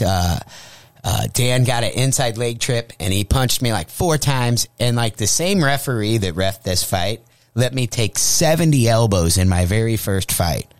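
A man's voice: mid-range voice, no echo. A young adult man telling a story in casual chat, swearing freely and acting out the lines of the people in it. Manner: profane, animated storyteller acting out quotes. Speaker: comedian guest. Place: radio studio.

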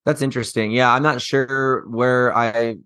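A man's voice: mid-range voice, fairly even intonation, measured pace, bright, forceful tone, smooth, no room sound, studio quality. A man co-hosting a podcast, chatting in a reasoned, questioning way. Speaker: podcast co-host. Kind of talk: casual chat.

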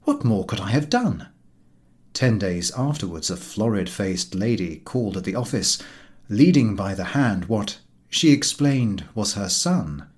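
A man reading a humorous novel aloud as an audiobook, with a wry and expressive delivery. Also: on the low side. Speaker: audiobook reader.

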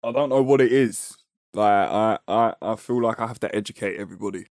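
A man's voice: on the low side, a little fast, darkish tone, no echo, clean studio sound. A man co-hosting a podcast, chatting casually and poking fun at himself, using slang like "bruv" and "innit". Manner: chatty and self-deprecating, says "bruv" and "innit". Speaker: podcast co-host. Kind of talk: casual chat. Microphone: personal microphone.

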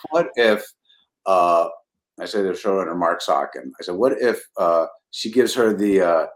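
A man's voice: deep voice, measured pace. An older man, a comedy writer, casually telling anecdotes, laughing often and acting out quotes. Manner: animated storyteller, laughs often, acts out quotes.

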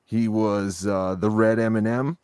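A man with a fairly low voice co-hosts a podcast in loose, rambling chat. He leans on fillers and restarts sentences as he talks. The sound is dry and close. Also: fairly even intonation, unhurried, a little mellow, clean tone, no room sound. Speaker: podcast co-host. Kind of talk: casual chat.

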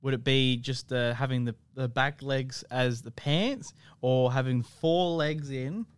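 A man's voice: mid-range voice, unhurried, clear, resonant tone, no room sound. A man co-hosting a casual podcast, asking rambling questions full of "like" and "obviously". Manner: rambling, heavy with "like" and "obviously", swears. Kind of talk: casual chat.

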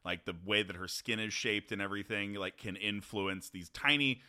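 A man's voice: lowish voice, moderate pace, pushed and bright, smooth. A man co-hosting a casual podcast chat, explaining things in a thoughtful way. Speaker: podcast co-host.

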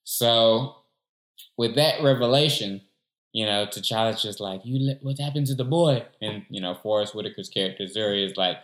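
A man's voice: on the low side, normal speed, fairly bright tone, echoey room. A man in casual chat, animatedly retelling a movie and acting out the characters' lines.

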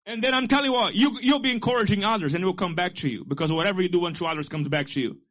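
A male pastor preaches with a high voice, urging his congregation and having them repeat his lines back to him. His delivery keeps circling back to key phrases. The recording sounds dull and muffled. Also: rapid-fire, fairly bright tone. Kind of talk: sermon.

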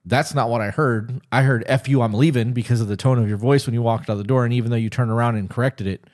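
A man co-hosting a podcast, talking calmly and reassuringly with his partner about a recent argument. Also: mid-range voice, fast talker. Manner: calm, reassuring, talks through feelings. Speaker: podcast co-host. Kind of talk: casual conversation between partners.

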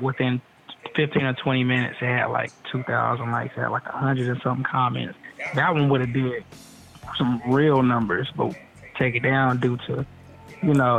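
A man's voice: medium pitch, vocal fry, a bit bright, highs cut off. A man speaking as a photographer guest in a casual interview, laid-back and blunt, swearing casually.

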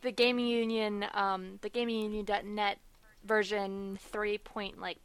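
A woman's voice: mid-range voice, little pitch movement, measured pace, clean tone. A woman co-hosting a casual gaming podcast, bubbly and enthusiastic. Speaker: podcast co-host.

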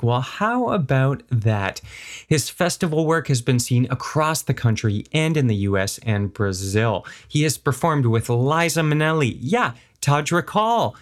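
A man hosting a podcast, delivering a comedic solo monologue full of rambling, self-mocking asides, with lively swings in pitch and pace. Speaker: podcast host.

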